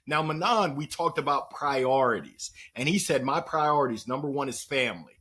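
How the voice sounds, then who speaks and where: A man speaking as a podcast guest and motivational speaker, telling stories in a playful, animated way and acting out the voices of the people he quotes. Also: mid-range voice, moderate pace, slightly rough. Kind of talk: energetic storytelling conversation.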